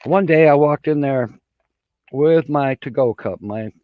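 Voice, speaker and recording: A man's voice: a little high, a little slow, no echo, phone-quality sound. A man hosting a casual livestream chat, rambling in a folksy way and laughing at his own jokes. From Michigan. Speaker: livestream host.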